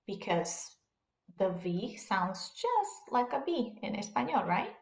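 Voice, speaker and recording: Female language teacher, patient drill delivery, slow pace, roomy echo. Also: medium pitch, big pitch swings, gravelly. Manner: slow, drilled syllables with repeated example words. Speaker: Spanish teacher. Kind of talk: beginner pronunciation lesson. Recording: echoey room.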